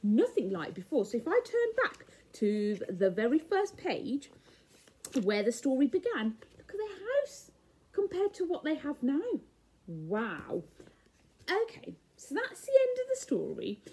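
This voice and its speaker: A woman teacher reading a picture book to young children, animated and full of questions and gasps. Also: high-pitched, a little slow. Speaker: primary school teacher.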